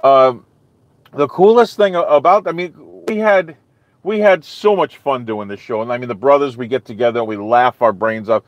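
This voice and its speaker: A man's voice: mid-range voice, moderate pace, no room sound, dull audio. Rambling man hosting a live stream. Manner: rambling, restarts, frequent "okay?" and "you know". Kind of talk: casual chat with live viewers.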